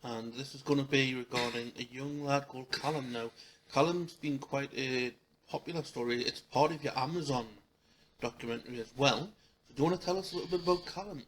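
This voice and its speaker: A man hosting an interview, briskly moving the guest on with short guiding questions. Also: medium pitch. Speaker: interview host. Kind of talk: casual interview.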